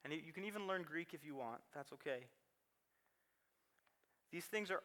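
Male pastor in his thirties, casual sermon delivery, laughs often, voice slightly high and forceful. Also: lively intonation, moderate pace, pauses often. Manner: chatty, self-deprecating, laughs often, repeats words.

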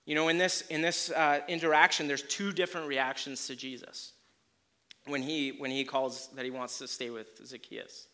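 A man preaching a sermon, telling a story with animated swings in loudness and acting out quotes. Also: mid-range voice, moderate pace.

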